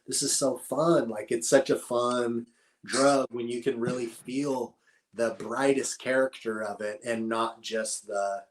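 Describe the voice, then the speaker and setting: This medium-pitched male voice keeps a steady tone and a slow pace, with a little hiss or hum in the audio. He's a middle-aged cannabis grower from Northern California, guesting on a podcast and spinning casual, rambling, profane stories in an easygoing way.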